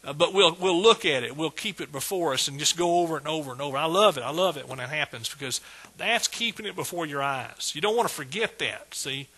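Man, middle-aged, pastor, sermon, exuberant, repetitive, forceful, husky. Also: fairly high pitch, quick pace, hardly any pauses. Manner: exuberant preaching, repeats phrases, shouts of praise.

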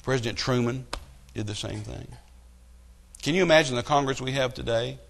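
Preacher, middle-aged man, animated storyteller, builds to loud emphatic peaks, mid-pitched voice. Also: moderate pace, vocal fry. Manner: animated storytelling with rising outbursts. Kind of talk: sermon.

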